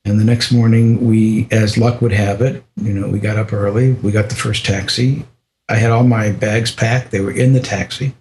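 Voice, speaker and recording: A man's voice: fairly low pitch, steady tone, darkish tone, a little hiss or hum. Older American man telling a story. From United States. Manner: reflective, unhurried, many restarts and small laughs. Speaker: podcast guest. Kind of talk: personal storytelling in conversation.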